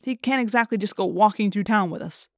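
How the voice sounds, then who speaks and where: A woman's voice: mid-range voice, fairly quick, no echo, clean studio sound, close to an everyday voice. A woman reading an audiobook, voicing a serious, practical teenage boy who leads the group. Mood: firm. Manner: firm, practical.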